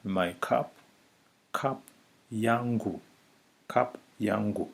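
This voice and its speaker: A man teaching a vocabulary lesson, saying each word slowly and repeating it several times for the listener. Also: lowish voice, gravelly. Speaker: language teacher. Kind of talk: slow spoken vocabulary lesson.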